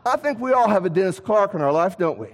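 A man preaching a sermon in a church, animated, asking rhetorical questions and swinging between loud and soft. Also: high-pitched, quick pace. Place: church sanctuary. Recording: long hall reverb.

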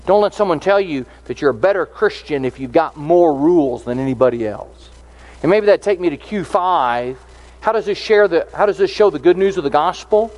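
High-voiced man preaching a sermon. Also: lively intonation, moderate pace, darkish tone, dull audio. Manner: earnest, explanatory, reads scripture aloud.

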